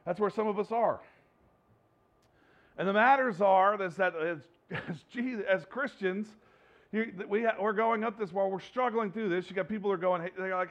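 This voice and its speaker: A man's voice: high voice, normal speed, a bit bright, highs cut off. A male pastor preaching a conversational sermon, repeating phrases for emphasis and reading scripture aloud with rising intensity.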